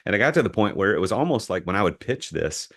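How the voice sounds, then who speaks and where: A middle-aged man from the US, a podcast guest telling a business story in an animated way, often repeating words as he starts a sentence. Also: fairly low pitch, fast talker. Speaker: entrepreneur guest.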